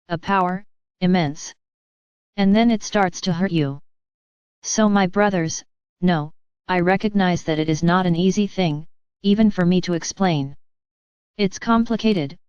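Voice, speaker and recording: A woman giving a spiritual address to her listeners, speaking as a channeled messenger in a calm, measured, gently instructive way. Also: lowish voice, clean tone, dry recording, lo-fi sound.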